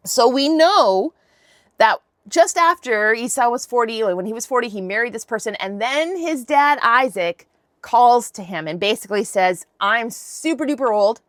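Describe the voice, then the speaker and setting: A woman's voice: fairly high pitch, no room sound, studio quality. A woman host casually retelling a Bible story, chatty and slangy with wry asides. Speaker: podcast host.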